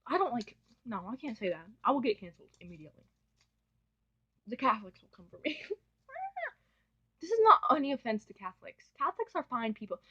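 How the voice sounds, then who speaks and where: A woman's voice: on the high side, very animated, fairly quick, pauses often, pushed and bright, breathy edge. A young woman chatting through a casual book review, gushing and often breaking off to correct herself. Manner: gushing, chatty, self-interrupting. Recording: dull lo-fi home recording.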